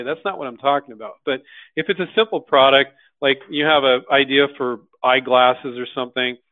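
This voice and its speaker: A man hosting a live question-and-answer session, speaking bluntly and casually and acting out quoted voices with lively jumps in pitch. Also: no room sound. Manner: animated, acts out quoted voices, blunt and slangy. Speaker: host answering viewer questions. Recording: dry tinny phone-like sound.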